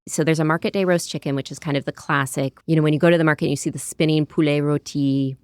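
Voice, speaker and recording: A woman's voice: low voice, steady tone, quick pace, darkish tone, clean tone, no room sound, studio quality. An American woman in her thirties, a cookbook author chatting in an interview, descriptive with many "like" and "you know" asides. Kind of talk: conversational interview.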